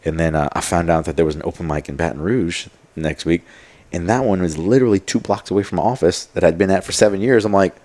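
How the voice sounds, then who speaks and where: A podcast guest with a deep, darkish voice tells stories at a quick pace. The storytelling is casual and rambling, loaded with fillers and quoted asides.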